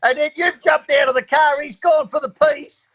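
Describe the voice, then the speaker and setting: A man's voice: extremely high pitch, fairly even intonation, normal speed, fairly bright tone. A man in a casual chat who jumps in and cuts across the others. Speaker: guest, boxing trainer.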